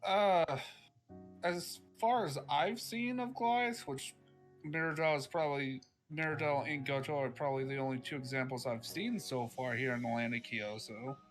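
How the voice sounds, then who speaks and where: A man's voice: a little high, normal speed, faint music behind. A man playing a tabletop role-playing game who jokes and laughs often while describing his character. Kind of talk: casual role-play chat.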